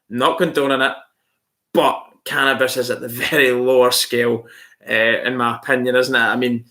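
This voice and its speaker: A man's voice: medium pitch, bright, forceful tone. A married man hosting a casual live-stream, answering viewer comments bluntly and swearing freely. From outside Australia. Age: adult, married.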